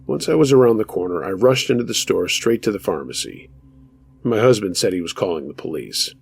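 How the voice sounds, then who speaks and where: Man, horror story narration, gravelly, husky, low voice, measured and steady. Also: soft background music. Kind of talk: scripted narration of true scary stories.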